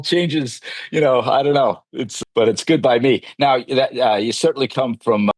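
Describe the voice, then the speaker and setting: A man's voice: medium pitch, normal speed, no room sound. A man from the Boston area hosting a podcast in a friendly, chatty way, moving from a read introduction into casual interview talk. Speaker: podcast host.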